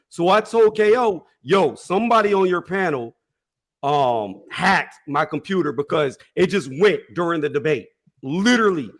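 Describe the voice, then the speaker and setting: Insistent man arguing on a debate panel. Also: sits high. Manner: insistent, defensive, lays out his case. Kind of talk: heated online debate panel.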